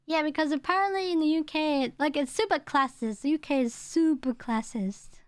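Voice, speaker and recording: A woman's voice: sits high, normal speed, no room sound, studio quality. A young woman, chatting casually with her stream chat, rambling and laughing as she goes. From England.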